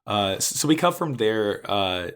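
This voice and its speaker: A man's voice: lowish voice, big pitch swings, unhurried, fairly bright tone, clear, resonant tone. A man co-hosting a podcast, recapping an anime in a rambling, casual way, full of "like" and restarts. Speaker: podcast co-host.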